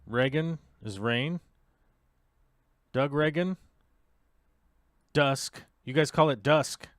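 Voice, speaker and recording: Playful livestream host with a smooth voice. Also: male voice, mid-range voice, slow pace, fairly bright tone, no room sound, clean studio sound. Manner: playful, thinks aloud, jokes at himself. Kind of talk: casual livestream chat.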